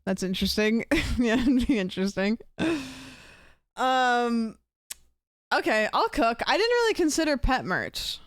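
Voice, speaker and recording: A woman's voice: on the high side, big pitch swings, unhurried, long pauses, no room sound, clean studio sound. A young woman streamer chatting casually and rambling with her live viewers, thanking them for gifts.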